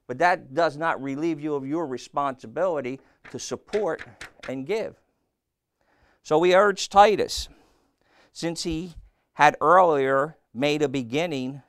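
A man delivering a sermon in a plain-spoken, folksy manner, quizzing the congregation as he goes. His voice sits a little high for a man and has a gravelly, creaky edge. The sound is dry, with no room echo. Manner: blunt, folksy, asks the congregation questions. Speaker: pastor.

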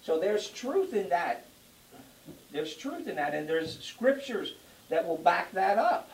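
Animated preacher in an echoey church. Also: mid-range voice, takes it slowly. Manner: animated, joking, rising to loud emphasis. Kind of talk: sermon. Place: church before a congregation. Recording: roomy echo, distant mic, faint noise.

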